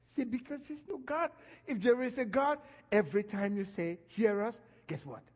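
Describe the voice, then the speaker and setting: A man preaching a sermon, animated and emphatic, his voice rising and falling as he stresses his points. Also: very high voice, moderate pace, big-room sound.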